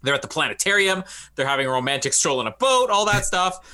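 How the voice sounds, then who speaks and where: Man, podcast co-host, bright tense voice, slightly high, casual movie chat, laughs a lot. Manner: laughs often, animated, does quick funny voices for quoted characters.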